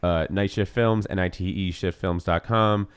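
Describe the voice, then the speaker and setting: A man's voice: low-pitched, fairly even intonation, normal speed, clean tone, dry recording, studio quality. A young man guest on a podcast, easygoing and wry in casual chat.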